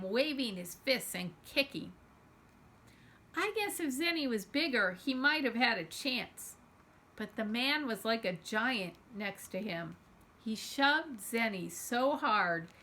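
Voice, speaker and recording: Storytime reader: woman, bright and high-ish, expressive children's book narration. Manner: expressive first-person storytelling. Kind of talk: reading a children's novel aloud.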